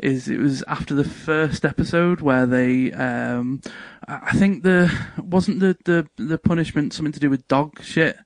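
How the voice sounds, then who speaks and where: A man's voice: on the high side, normal speed, hardly any pauses, no room sound. A man, telling funny stories in casual chat and laughing often. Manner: animated storytelling with frequent laughter.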